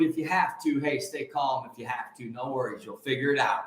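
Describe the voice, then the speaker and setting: A man giving a rousing, preachy monologue, shifting between shouts and low mutters and breaking into song. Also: fairly even intonation, fairly quick, hardly any pauses. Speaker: host. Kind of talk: fiery motivational monologue. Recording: very echoey room.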